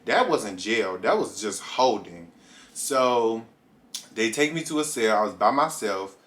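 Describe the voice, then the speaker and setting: A young man vlogging a casual storytime, animated and acting out his own reactions as he goes. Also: medium pitch.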